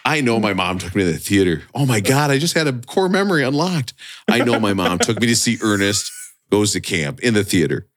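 A man's voice: lowish voice, very animated, fairly quick, fairly bright tone. A man co-hosting a casual podcast chat, spinning rambling jokey riffs. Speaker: podcast co-host.

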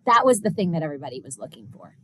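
A woman's voice: fairly low pitch, very animated, very fast, slightly rough. A woman, a business consultant and researcher, explaining her work with enthusiasm in an interview. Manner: enthusiastic, explanatory, quotes people in asides. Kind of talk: interview conversation.

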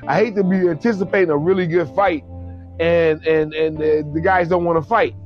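A man in casual chat about fights, animated and profane, often acting out quotes. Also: fairly high pitch, moderate pace, dull audio, faint music behind.

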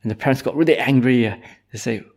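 A Buddhist monk telling a story in a dharma talk, speaking hesitantly and tagging nearly every phrase with "eh". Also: male voice, medium pitch, quick pace, a little mellow.

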